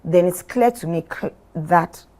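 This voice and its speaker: A middle-aged woman from Nigeria, a former company chief, speaking deliberately as a guest in a podcast interview. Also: on the low side, a little mellow. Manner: measured, deliberate, role-plays what she would say.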